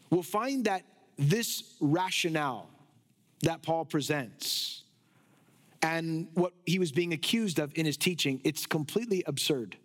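Emphatic high-voiced male preacher. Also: animated, unhurried, fairly bright tone. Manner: emphatic, rhetorical, sometimes laughing at absurd ideas. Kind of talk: expository sermon.

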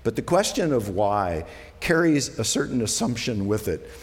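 A man preaching as a pastor, talking conversationally, moving between quiet, slow passages and emphatic ones. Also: lowish voice, big pitch swings, big-room sound. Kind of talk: sermon.

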